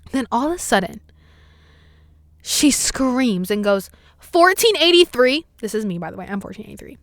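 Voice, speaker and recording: A young woman hosting a podcast, telling stories in casual chat, animated, swearing often and breaking into loud exclamations. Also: medium pitch, moderate pace, vocal fry, no room sound, studio quality. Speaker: podcast host.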